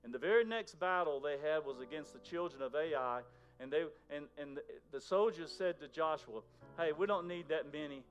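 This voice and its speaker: A man preaching a sermon in a conversational way, moving between loud emphasis and near-whispers. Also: on the high side, moderate pace, few pauses, dull audio, faint music behind. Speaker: pastor.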